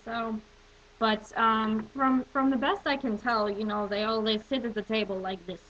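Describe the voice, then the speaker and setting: A woman talking casually to her webcam in a rambling way, with many restarts and frequent throat-clearing. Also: fairly high pitch, steady tone, moderate pace, a bit bright. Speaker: video blogger. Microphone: webcam microphone. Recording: muffled webcam audio with faint hiss.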